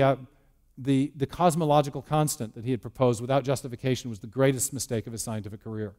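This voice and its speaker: A man's voice: a little high, a little mellow. A man giving a lecture on science and faith in a church, telling it as a story with restarts and rhetorical questions. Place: church hall.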